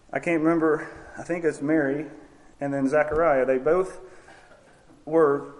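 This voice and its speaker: Earnest preacher, higher voice. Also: male voice. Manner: earnest and conversational, acting out prayers to God with restarts. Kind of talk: sermon.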